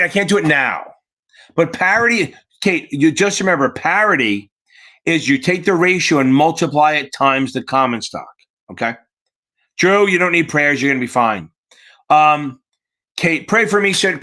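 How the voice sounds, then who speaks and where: Bright-voiced, profane male live-stream tutor. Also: fairly high pitch. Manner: profane, chatty, reads chat aloud. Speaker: exam prep instructor.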